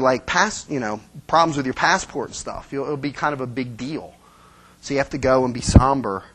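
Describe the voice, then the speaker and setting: A man's voice: high voice, a bit bright. A man preaching a conversational sermon, often checking in with his listeners and acting out little scenes. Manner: conversational, acts out children's voices, frequent "right?". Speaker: pastor.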